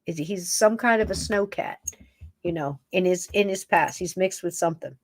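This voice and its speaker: A woman's voice: on the low side, moderate pace, no echo, clean studio sound. A woman hosting a podcast, chatting casually in a rambling, affectionate way and laughing often. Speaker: podcast host. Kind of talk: casual chat, talking to her pets on camera.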